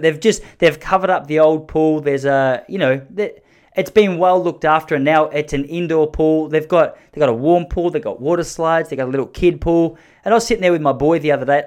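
A man in his thirties with an Australian accent, telling a funny personal story in a rambling, self-correcting way with sheepish asides. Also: on the high side. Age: 30s. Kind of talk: casual comic storytelling.

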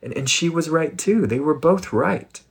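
A man giving a casual spiritual talk in an animated, playful way, often laughing. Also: a little high, normal speed, gravelly, husky. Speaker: spiritual speaker.

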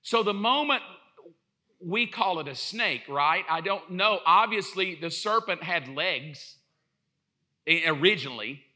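A male pastor preaching a sermon in an animated, joking storyteller's way, acting out little quotes as he goes. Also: high voice, measured pace.

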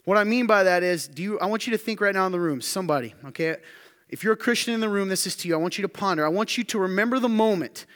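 A man preaching a sermon to a room, firing emphatic questions and dropping to quiet asides. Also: high-pitched, very fast, smooth. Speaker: pastor. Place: church hall with audience. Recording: long hall reverb.

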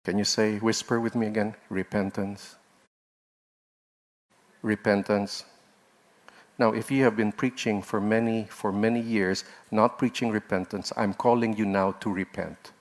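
A man's voice: on the low side, steady tone, moderate pace. A man preaching a sermon in an earnest, exhorting manner, his voice rising sharply at points of emphasis. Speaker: pastor.

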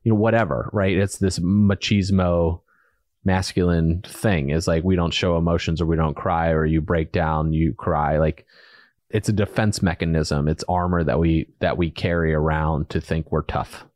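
A man with a lowish voice co-hosting a podcast in casual chat. He talks easygoingly and jokes, rambling with restarts. The sound is close and dry. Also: steady tone, moderate pace, darkish tone, no room sound. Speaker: podcast co-host.

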